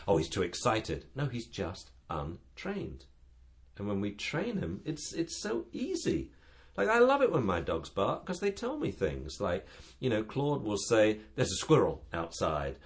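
A man who trains dogs, chatting on a talk show and acting out dogs and owners in funny voices. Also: fairly low pitch. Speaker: dog trainer and show guest expert. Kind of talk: casual radio chat.

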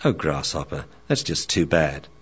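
A man's voice: sing-song, husky, lo-fi sound, heavily acted. Wise old Akita sensei, a man voicing. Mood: soothing. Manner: slow, soft, low and solemn.

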